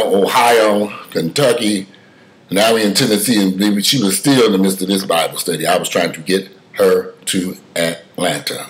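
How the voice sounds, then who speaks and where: A man giving casual spoken commentary, telling stories with emphatic swings from loud outbursts to mutters, cursing freely. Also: low voice, low-quality recording.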